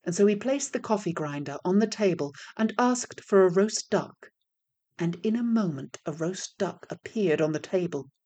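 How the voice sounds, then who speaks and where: A woman reading a folk tale aloud, in a measured and expressive storytelling manner. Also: fairly low pitch.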